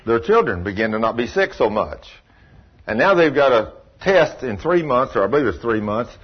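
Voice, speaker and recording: A man's voice: mid-range voice, very animated, normal speed, slightly rough. A man preaching a sermon in a folksy, storytelling way with emphatic asides. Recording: dull lo-fi recording.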